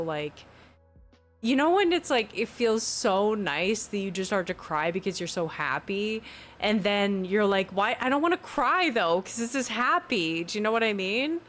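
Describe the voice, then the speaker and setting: A young woman chatting casually on a live stream from her new home, talking into a desk USB mic without a pop filter. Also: medium pitch. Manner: chatty, rambling, giggly. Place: new home with fan and AC running.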